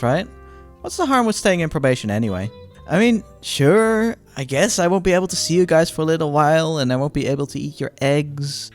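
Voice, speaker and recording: A player with a mid-range voice reads the main character's lines in a very animated, upbeat, reassuring way. Faint music sits underneath. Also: mid-range voice. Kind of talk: reading a visual novel aloud with friends.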